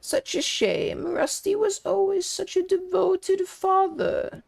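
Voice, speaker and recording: A woman's voice: very high voice, slow pace, gravelly, a little mellow, a little hiss or hum, pitched above the performer's own voice, full character voice. A woman voicing a gossipy, kindly old female neighbor who gets sentimental and fussy. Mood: teary. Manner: fussing, sentimental, quavering.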